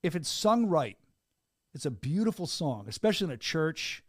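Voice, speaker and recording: A middle-aged man hosting a podcast, joking and animated in casual chat. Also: a little high, no echo, clean studio sound. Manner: animated, joking, fast-talking. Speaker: podcast host.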